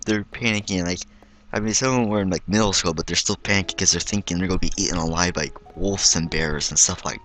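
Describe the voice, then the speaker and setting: A man's voice: lowish voice, bright, forceful tone. A man casually telling a personal story for his video, rambling, with lots of "like" and "and stuff like that". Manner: rambling, heavy use of "like" and "and stuff like that".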